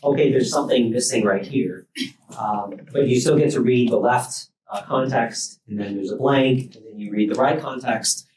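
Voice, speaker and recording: A man's voice: medium pitch, moderate pace, a little mellow. A man giving a technical research talk at a workshop, talking loosely with many fillers and restarts. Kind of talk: technical lecture. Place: lecture room at a workshop. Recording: roomy sound, mic at a distance, faint noise.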